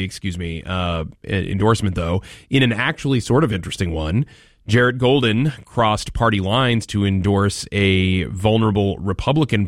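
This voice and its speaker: A man's voice: lowish voice, dry recording, studio quality. A man hosting a talk radio show, delivering commentary with sarcastic mock outrage and taking calls.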